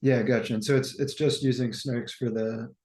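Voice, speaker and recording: A man's voice: medium pitch, fairly even intonation, moderate pace, a little mellow. A man in the audience checking his understanding of the talk, in a thoughtful tone. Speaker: audience member asking a question.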